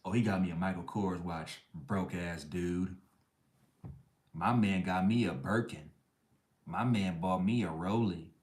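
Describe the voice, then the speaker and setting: A man's voice: low voice, a little slow, a little mellow, echoey room. A man mimicking a gossiping, mocking young woman in a sassy, taunting voice.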